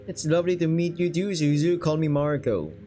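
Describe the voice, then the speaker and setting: A woman's voice: low-pitched, fairly quick, warm tone, slight background noise, natural voice. A man voicing a polite, motherly middle-aged woman in a visual novel. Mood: gracious.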